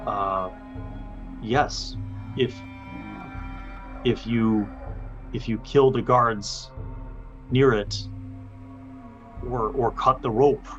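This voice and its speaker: Slow, unhurried male game master. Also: medium pitch, fairly even intonation, lo-fi sound, faint music behind. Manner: unhurried, filler-heavy narration. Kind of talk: narrating a tabletop game.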